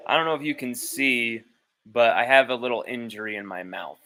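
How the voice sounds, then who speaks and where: A man's voice: medium pitch, normal speed, bright, forceful tone. A man hosting a sports livestream from home, talking casually in a rambling, blunt way with easy swearing. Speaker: sports podcast host. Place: at home with his child nearby.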